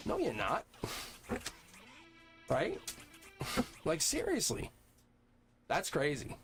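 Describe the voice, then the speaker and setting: A man's voice: fairly high pitch, wildly swooping pitch, extremely slow, long pauses. A man hosting a live tarot reading stream, talking casually and upbeat to viewers in the chat and laughing often. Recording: music playing underneath. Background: music playing.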